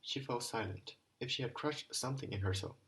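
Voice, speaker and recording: A man's voice: mid-range voice, a little fast, fairly bright tone, low-quality recording. A man reading a classic novel aloud as an amateur audiobook narrator, with occasional stumbles and rereads. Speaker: audiobook reader.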